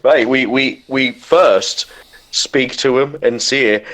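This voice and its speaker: A man's voice: mid-range voice, slow, fairly bright tone, low-quality recording. A man playing a tabletop game, talking hesitantly and often repeating words. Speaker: player.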